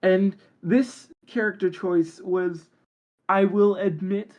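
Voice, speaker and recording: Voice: mid-range voice, steady tone, slow, highs cut off. A guest on a tabletop game podcast, talking casually and enthusiastically and rambling with lots of fillers. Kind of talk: casual interview chat.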